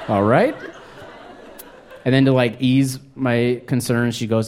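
A young man doing stand-up comedy, telling a story in an animated, self-mocking way and acting out his younger self. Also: mid-range voice, extremely slow, long pauses, a little hiss or hum.

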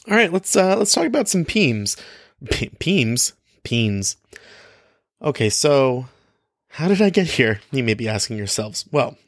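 A man's voice: mid-range voice, no room sound. A young man hosting his own podcast in a casual, cheeky, playful way, often laughing and using many fillers. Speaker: podcast host. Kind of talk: casual solo podcast talk.

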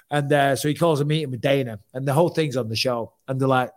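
A man's voice: mid-range voice, fast talker, few pauses. A man, co-hosting a podcast and telling a story in casual chat, swearing often and acting out other people's lines. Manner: swearing, animated retelling with quoted voices. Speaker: podcast co-host.

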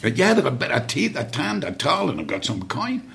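Older man with a gravelly voice, rambling. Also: a little high, wildly swooping pitch, brisk, fairly bright tone. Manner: rambling, full of fillers and restarts. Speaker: guest. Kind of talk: anecdotal storytelling.

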